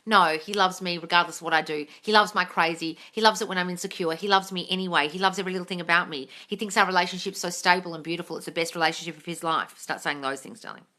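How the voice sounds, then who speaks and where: A woman hosting a live manifesting Q&A stream, reading viewer comments aloud in casual chat. She swears freely, calls her viewers darling and breaks into gushing bursts of excitement. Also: lowish voice, quick pace, hardly any pauses.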